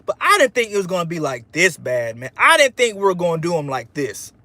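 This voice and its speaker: High-voiced, fired-up man on a livestream. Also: huge pitch swings, fairly quick, pushed and bright, dry recording. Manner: fired-up, trash-talking, rambling; peppers speech with "man". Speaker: sports fan livestream host. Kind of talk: casual live-stream reaction while reading chat.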